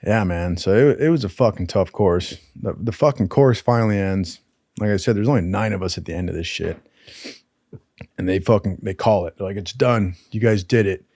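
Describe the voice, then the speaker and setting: A man's voice: on the low side, normal speed, darkish tone, dry recording, clean studio sound. A young man telling a profane, casual story from his training, laughing often and saying "dude" a lot.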